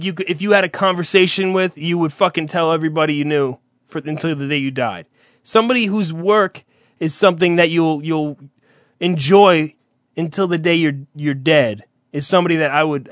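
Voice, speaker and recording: A man's voice: a little high, a bit bright, dry recording, clean studio sound. A young man in casual chat who rambles through stories, swears freely and acts out other people's voices.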